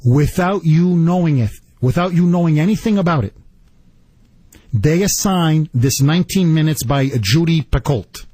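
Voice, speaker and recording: A man hosting a talk radio show, delivering an indignant, rapid-fire political monologue. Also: fairly high pitch, darkish tone, no room sound.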